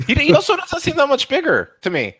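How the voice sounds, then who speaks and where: A man's voice: very high-pitched, huge pitch swings, quick pace, sharp tone, dry recording. A man co-hosting a casual chat, joking and laughing mid-sentence. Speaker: podcast co-host.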